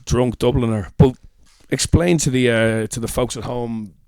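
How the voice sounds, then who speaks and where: A young man co-hosting a comedy podcast, chatting casually with animated, swearing storytelling. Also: medium pitch, moderate pace, no room sound. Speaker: podcast co-host. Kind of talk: casual banter.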